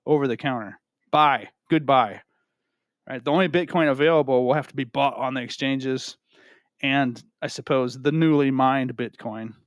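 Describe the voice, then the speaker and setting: A man's voice: medium pitch, normal speed, no echo, clean studio sound. A man giving casual, rambling talk to camera from home, often asking "right?" and repeating himself. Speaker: crypto video host. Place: home room with a cat.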